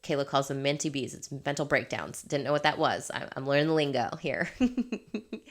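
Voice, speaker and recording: A woman with a notably low voice speaks as a life coach in a candid motivational monologue. She is emphatic and laughs often. She swears without a second thought. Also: a bit bright.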